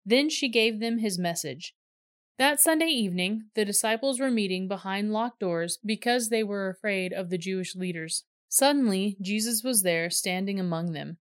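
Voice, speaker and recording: Woman reader, measured scripted narration, dry close recording, mid pitch. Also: no echo.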